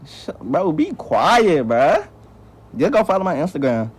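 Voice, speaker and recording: Loud joking young man on a video call. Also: a little high, huge pitch swings, a little slow, breathy edge, faint music behind. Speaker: YouTuber pranking strangers. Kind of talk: casual video-chat trolling. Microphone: phone on video call.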